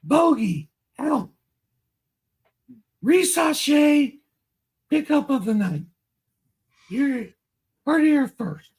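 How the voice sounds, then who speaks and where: A man's voice: very high voice, big pitch swings, drawn-out words, pauses often, a little mellow. A man co-hosting a casual sports podcast as analyst, emphatic and slangy with blunt opinions. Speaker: co-host and fantasy analyst. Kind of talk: casual fantasy basketball podcast chat.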